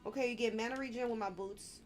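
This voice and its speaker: Woman, live game commentary, excitable, fairly high voice, faint noise behind. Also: fast. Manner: excitable, reacting out loud with squeals and laughter. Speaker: streamer.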